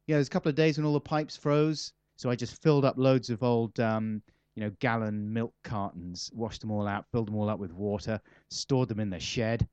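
A man's voice: lowish voice, steady tone, brisk, darkish tone, clean tone, dry recording. Wry rambling man, muffled dry sound. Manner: rambling, self-mocking, wry. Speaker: comedian interviewee. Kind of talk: casual interview chat. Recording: slightly muffled dry recording.

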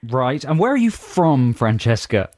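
A man co-hosts a radio show with dry, teasing humour. His voice swings lively up and down. The studio sound is close and completely dry. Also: mid-range voice, unhurried, dry recording. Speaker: radio co-host. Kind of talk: playful radio banter.

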